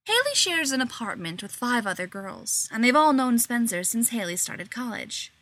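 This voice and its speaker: A woman narrating a short story in an unhurried, expressive way. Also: on the high side, dry recording.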